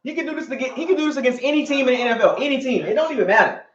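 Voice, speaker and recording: Hyped guy yelling at the game, super high voice, fast, echoey dull-sounding room. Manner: excitable, repetitive, slangy fan talk. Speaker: fan channel host. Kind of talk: live game reaction.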